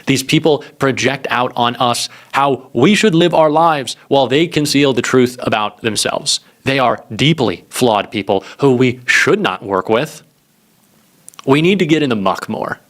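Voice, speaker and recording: A man's voice: medium pitch, animated, unhurried, a bit bright. A man doing political news commentary in a sarcastic, scornful way.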